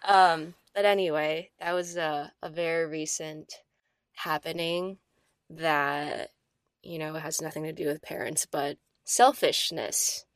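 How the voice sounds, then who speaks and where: A woman in her thirties co-hosts a podcast and recounts a personal story casually, with frequent "like" fillers. She speaks at a slow pace in a low voice with a steady tone, recorded as clean studio sound with no echo.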